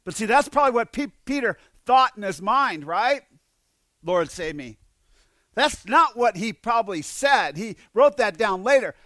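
High-voiced man preaching a dry sermon. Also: lively intonation, normal speed, few pauses, a bit bright, no room sound. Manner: earnest preaching with repeated words and dramatic swings in volume. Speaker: pastor.

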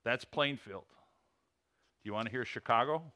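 A man with an Illinois accent delivers a church sermon as a visiting ministry coach. His voice is bright and forceful, and he earnestly works through lists and figures. The sound is dry and close, with hardly any room echo. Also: mid-range voice, unhurried. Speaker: ministry coach, guest preacher. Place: church sanctuary.

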